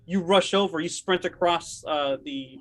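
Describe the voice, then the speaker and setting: A man running a tabletop horror game as game master, talking casually with many pauses and fillers. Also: a little high, poor audio. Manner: casual, halting, lots of fillers.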